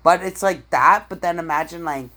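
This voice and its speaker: Low-voiced woman gossiping bluntly. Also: normal speed. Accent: Canadian. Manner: blunt, swears freely, animated gossiping. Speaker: podcast co-host. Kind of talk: casual chat.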